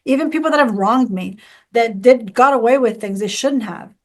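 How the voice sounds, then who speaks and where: A woman's voice: a little high, normal speed. Upbeat motivational woman guest. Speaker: author guest. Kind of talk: conversational interview.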